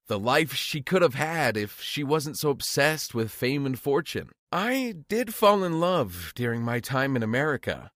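A man's voice: medium pitch, a bit bright, no echo, clean studio sound. A man narrating a first-person drama story, lightly voicing the quoted lines.

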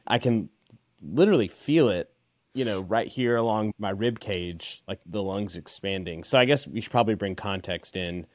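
A man hosting a podcast, chatting in a relaxed, conversational way with many fillers. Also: lowish voice, moderate pace, no room sound, clean studio sound. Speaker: podcast host. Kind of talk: casual interview chat.

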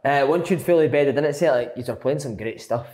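A man's voice: medium pitch, fairly quick, darkish tone. Man, scottish accent, interview host, laid-back banter, roomy echoey sound. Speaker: podcast host. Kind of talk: casual interview. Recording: roomy echo.

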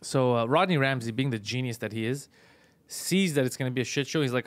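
A man casually telling a story on a podcast, fast, profane and animated. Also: medium pitch, no echo. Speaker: podcast host, comedian.

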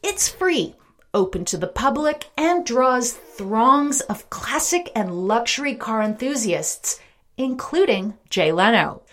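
A woman podcast host reading a scripted narration in a measured, clear way. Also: a little high, lively intonation, fairly bright tone.

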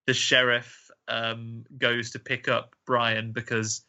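A man with a very bright, sharp-edged voice chats his way through a film recap. He tells the story loosely, with jokes and frequent laughter, like a host among friends. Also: mid-range voice, level tone, slow, dull audio. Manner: chatty, joking storyteller who often laughs. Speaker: podcast host. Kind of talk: casual film recap chat.

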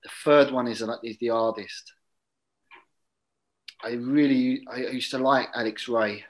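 A man spins a rambling, chatty anecdote in a relaxed interview. His voice sits at an ordinary middle pitch, and he often lets it fall to a low mutter for asides. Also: unhurried, poor audio. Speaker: guest, former footballer. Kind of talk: casual anecdote.

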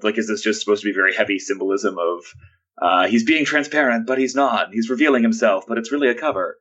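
A man with a fairly low but bright, forceful voice talks through his thoughts on a podcast panel, pausing on fillers. The audio is muffled and lo-fi. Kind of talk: casual discussion.

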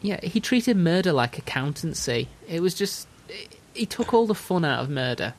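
A man's voice: on the high side, sing-song, normal speed. A man hosting a podcast, telling a story in casual chat with dry jokes. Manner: storytelling, dry jokes, puts on silly voices. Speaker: podcast host.

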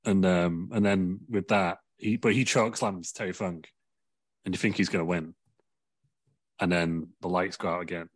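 A man's voice: sits low, steady tone, normal speed, husky, no room sound. A man telling a rambling comic wrestling story, laughing through his own jokes. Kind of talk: comedic storytelling.

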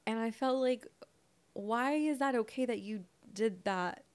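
A woman's voice: a little high, unhurried, smooth. A young woman co-hosting a podcast, chatting casually and acting out both sides of a conversation as she tells a story. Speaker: podcast co-host. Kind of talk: casual chat.

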